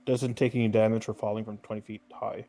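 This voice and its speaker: A man's voice: lowish voice, level tone, fast, vocal fry, dark tone. A man playing a tabletop game, explaining spell and rule details to the others. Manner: explains rules helpfully. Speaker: player. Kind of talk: casual tabletop play.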